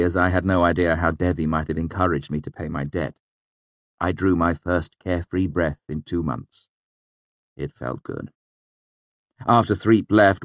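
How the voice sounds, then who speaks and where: Low-voiced man narrating an audiobook. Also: no room sound. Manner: expressive first-person storytelling. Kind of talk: scripted narration.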